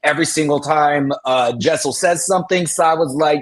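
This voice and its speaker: A man's voice: on the high side, moderate pace, few pauses. A man hosting a casual live recap panel, chatty and gossipy, who laughs often between remarks. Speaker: podcast host.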